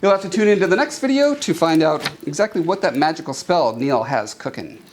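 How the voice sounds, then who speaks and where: A man's voice: fairly high pitch, expressive, a little fast, a little hiss or hum. Playful man narrating a crafting video. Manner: playful, joking. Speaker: maker YouTuber.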